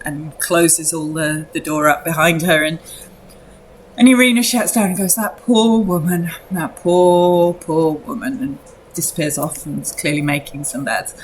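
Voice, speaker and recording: A woman's voice: low-pitched, measured pace, a bit bright, slight background noise. A woman game master narrating a tabletop game in a chatty way with many fillers. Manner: chatty, lots of fillers and restarts.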